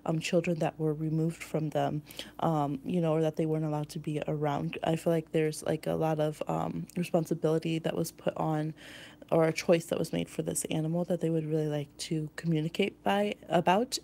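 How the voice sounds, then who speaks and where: A woman's voice: sits low, gravelly, warm tone. A woman giving a pick-a-card tarot reading in a rambling, intuitive way, with many fillers.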